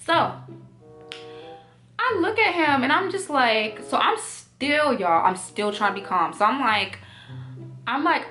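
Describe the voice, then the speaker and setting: A young woman telling a storytime vlog in an animated, profane, emphatic way. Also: fairly high pitch, moderate pace, soft background music. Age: young adult. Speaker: storytime vlogger.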